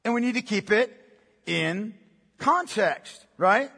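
A man's voice: high voice, expressive, slow, creaky, pushed and bright. A man preaching a sermon as pastor, earnest and emphatic, piling up rhetorical questions and checking in with his listeners. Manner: earnest, emphatic, asks many rhetorical questions, often adds "right?". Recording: long reverb of a large hall.

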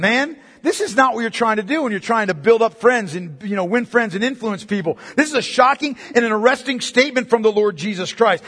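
High husky-voiced pastor preaching. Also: male voice, fairly bright tone, long reverb tail. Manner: emphatic, asks the congregation repeated questions. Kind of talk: sermon. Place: church hall.

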